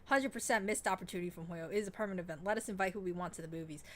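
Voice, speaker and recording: A woman streamer chatting casually while playing a game, excitable and rambling, swearing freely. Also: lowish voice, very fast. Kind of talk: casual gaming stream chat.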